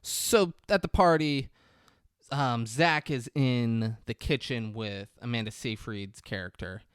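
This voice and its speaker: Brief: young male podcast host, mid-pitch, dry close sound, loose, profane film recap. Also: slow, clear, resonant tone, dry recording. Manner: profane and animated, acting out quoted lines. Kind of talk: casual chat retelling a film.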